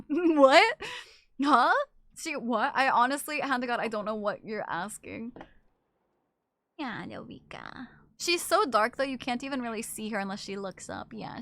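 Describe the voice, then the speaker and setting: A woman streamer chatting casually with her live chat while she plays, often cooing softly to her cat. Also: on the high side.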